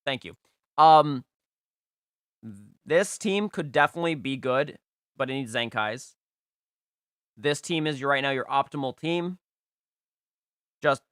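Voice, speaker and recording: A man's voice: mid-range voice, measured pace, pauses often, a bit bright, clean tone, no echo, studio quality. A young man hosting a live stream, rating viewers' game teams in casual, emphatic and playful commentary, repeating phrases for stress.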